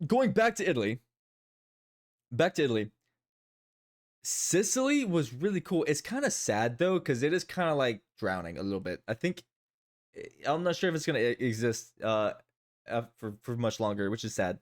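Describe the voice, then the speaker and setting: A man streaming live, chatting casually and rambling, often repeating his own phrases. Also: medium pitch.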